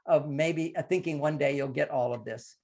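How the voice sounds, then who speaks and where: Older male relationship expert, gravelly voice, slightly high-pitched, emphatic lecturing guest. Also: normal speed, a little mellow. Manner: emphatic, lecturing, acts out quoted partners. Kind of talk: podcast conversation, advice.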